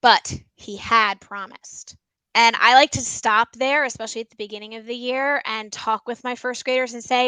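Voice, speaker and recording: A woman librarian walks teachers through ways to use a picture book in class. Her voice is bright and a little high. She speaks in a loose, chatty way with frequent ums, recorded dry and close indoors. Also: fairly even intonation, normal speed, clean tone, no room sound, poor audio. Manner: chatty, many ums, explains by example. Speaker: school librarian. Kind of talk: teaching tips with a read-aloud.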